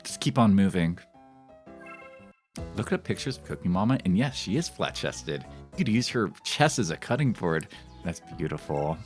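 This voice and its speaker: A man's voice: low voice, big pitch swings, normal speed, faint music behind. A man streaming a cooking game, chatting casually and making crude, rambling jokes with lots of fillers. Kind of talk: casual gameplay commentary.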